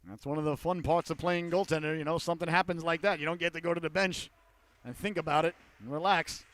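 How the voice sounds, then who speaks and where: A man calling a youth hockey game play-by-play, with rapid calls that rise to excited shouts on goals. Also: fairly high pitch, no room sound. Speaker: play-by-play commentator.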